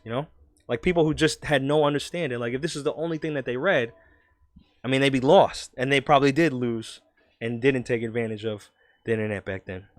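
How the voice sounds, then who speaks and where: A man's voice: medium pitch, no room sound, clean studio sound. A man with a New Jersey accent hosting a casual commentary vlog, talking loosely and conversationally. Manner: laid-back, conversational, with "man" and "all right". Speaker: crypto channel host.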